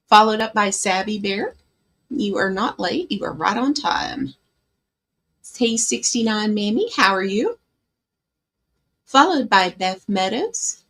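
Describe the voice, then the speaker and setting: A woman's voice: mid-range voice, animated, slow pace, pauses often, fairly bright tone. A woman hosting a casual livestream from her bedroom, chatting with viewers. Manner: chatty, coos baby talk to her cat. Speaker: livestream host.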